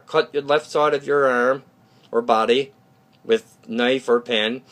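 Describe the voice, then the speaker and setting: Man slowly reading ritual steps. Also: medium pitch, fairly bright tone. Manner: halting, restarts and mispronounces words; slow chanted invocations. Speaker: solo video creator reading a ritual. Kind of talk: slow ritual reading and chanting.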